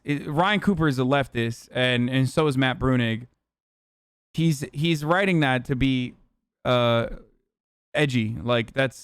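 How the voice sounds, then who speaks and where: A man's voice: medium pitch, fairly bright tone, clear, resonant tone, no room sound, studio quality. A man streaming live, answering chat in a sarcastic, profane, mocking way. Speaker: streamer reacting to chat and clips. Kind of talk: casual live-stream commentary.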